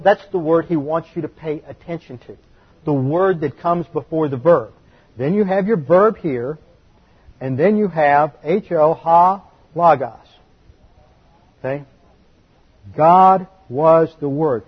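A man giving a Bible study lecture, explaining patiently and slowing down to stress key words. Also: fairly high pitch, husky, dull audio. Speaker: Bible teacher.

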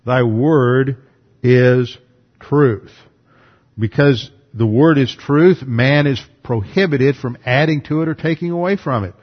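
A man's voice: mid-range voice, slow. Man, Bible lesson, methodical, reads scripture aloud, muffled lo-fi sound. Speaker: Bible teacher.

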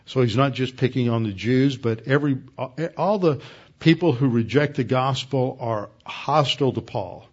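A man teaching through a Bible passage verse by verse, explaining words and pausing often with "uh" as he thinks. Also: mid-range voice. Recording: dull lo-fi recording.

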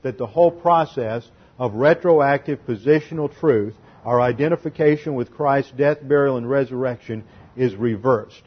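A man's voice: mid-range voice, moderate pace, husky. A man preaching a methodical expository sermon, working through Greek grammar point by point. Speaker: pastor. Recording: dull lo-fi sermon recording.

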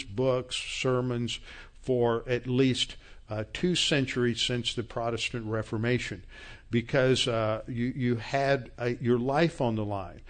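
Emphatic man preaching a sermon. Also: medium pitch. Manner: emphatic, rising to angry scolding; quotes scripture references. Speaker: pastor.

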